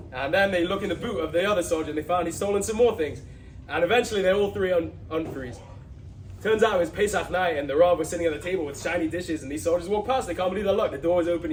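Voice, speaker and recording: A young man telling a Hasidic story, breaking into acted voices with high, loud outbursts. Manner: acts out characters with sudden high, loud outbursts. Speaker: student speaker retelling a Hasidic story. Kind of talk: animated storytelling. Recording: distant mic with faint background noise.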